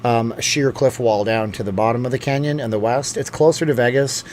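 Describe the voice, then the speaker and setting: A man's voice: medium pitch, fairly even intonation, a little fast, a little mellow, a little hiss or hum. A man hosting a casual live stream, reading out viewer comments and rambling, with lots of fillers and restarts. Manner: chatty and rambling, with many fillers and self-corrections.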